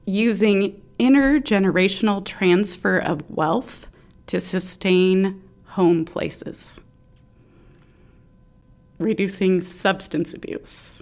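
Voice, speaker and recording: A woman co-hosting a podcast, effusive and openly emotional in casual chat. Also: medium pitch. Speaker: podcast co-host.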